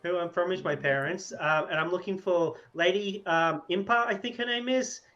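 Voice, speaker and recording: A man with an Australian accent playing a tabletop game over voice chat, rambling and halting as he talks in character. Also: high-pitched, bright, forceful tone, highs cut off. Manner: rambling, halting, self-amused. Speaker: tabletop player. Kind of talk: casual in-character role-play. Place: home room over voice chat.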